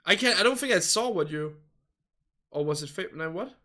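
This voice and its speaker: Young man, casual livestream chat, rambling and hesitant, slightly high pitch, bright forceful tone. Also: expressive, moderate pace. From Denmark. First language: Danish. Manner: rambling, hesitant, polite hedging. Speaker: game livestreamer.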